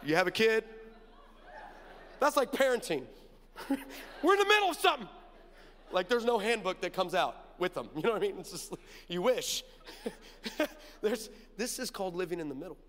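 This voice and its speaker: High-voiced preacher man in a reverberant hall. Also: moderate pace, long pauses. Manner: animated storytelling with asides to the crowd. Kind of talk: sermon.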